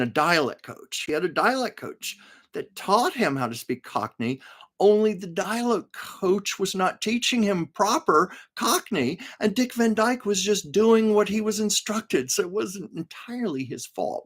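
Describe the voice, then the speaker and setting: A man's voice: sits high, lively intonation, a little slow, a bit bright. A man hosting a live stream, telling show-business anecdotes in a casual, chatty way, laughing often and stopping to read viewers' comments aloud. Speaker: livestream host. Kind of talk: casual storytelling to a live chat. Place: home livestream.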